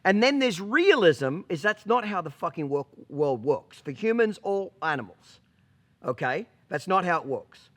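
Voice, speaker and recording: A man's voice: high voice, very animated, moderate pace. A man who trains horses, talking bluntly and with profanity to the camera, repeatedly checking "okay?". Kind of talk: casual monologue to camera.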